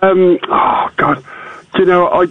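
A man rings in to a radio show and chats in a good-humoured way. He is a little higher-pitched than most men, and he comes through a tinny, dry phone line. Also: fairly even intonation, unhurried, dry recording. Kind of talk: phone-in chat.

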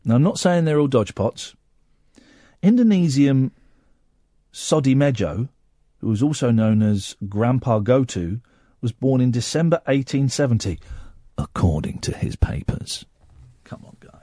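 A man's voice: mid-range voice, expressive, unhurried, pauses often, dark tone, no echo, studio quality. A man hosting a radio show, teasing and joking in casual banter, often stumbling and repeating words. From Slough, England. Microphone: studio mic.

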